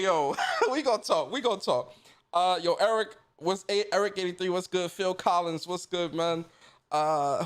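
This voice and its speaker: A man's voice: on the high side, clean tone. A man hosting a casual gaming livestream, greeting viewers by name in a laid-back, slangy way. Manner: laid-back slangy shout-outs, lively. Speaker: podcast host.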